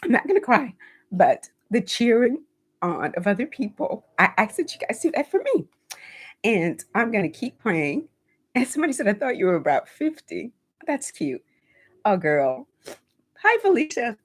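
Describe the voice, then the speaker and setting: A woman's voice: a little high, very animated, normal speed, husky. A woman in her fifties hosting a home decor channel, chatting casually on a livestream, emotional and encouraging, speaking of her faith and thanking viewers by name. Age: 50s. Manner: warm, emotional, reads viewer comments; faith-filled encouraging talk.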